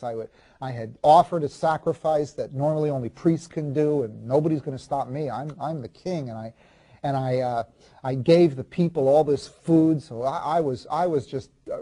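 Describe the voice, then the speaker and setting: A man playing a proud ancient king in a first-person monologue, confiding and halting, restarting and repeating his words. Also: fairly high pitch, mellow. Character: proud ancient king recalling his marriage, self-justifying.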